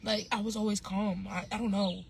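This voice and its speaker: A woman's voice: medium pitch, flat delivery, fairly quick, gravelly, slight background noise. A woman vlogger telling a story in a casual, slangy way, rambling with restarts and fillers.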